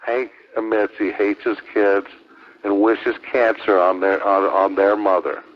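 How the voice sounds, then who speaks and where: Unhurried and level in tone, this man's low-side voice comes across a lo-fi radio transmission as he argues on air as a ham radio operator. He's profane and taunting, and he repeats his accusations over and over in the heated exchange.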